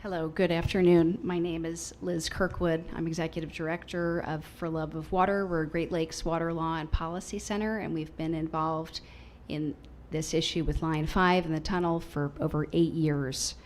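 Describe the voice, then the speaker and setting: A woman leading a water law nonprofit, giving a formal, legalistic public comment at a government meeting in a measured way. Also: low voice, steady tone, slight background noise.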